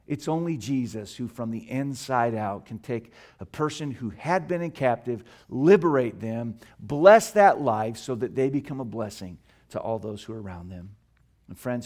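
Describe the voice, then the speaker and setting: Emphatic preacher man, soft to loud. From United States. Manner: builds from soft low passages to loud emphatic peaks; slow, stretched emphasis on scripture quotes. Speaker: pastor. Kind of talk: sermon. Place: church sanctuary.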